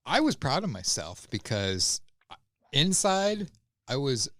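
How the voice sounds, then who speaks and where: A man co-hosting a podcast in casual chat, halting and hesitant as he talks. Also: mid-range voice, very animated, fairly bright tone, no echo, studio quality. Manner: hesitant, many fillers and restarts, halting. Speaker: podcast co-host.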